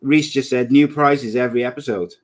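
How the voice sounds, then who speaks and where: A man's voice: mid-range voice, steady tone, brisk, slight background noise. Man in his thirties cracking jokes. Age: 30s. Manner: jokey, laughs often at his own jokes. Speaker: podcast co-host. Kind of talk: casual chat.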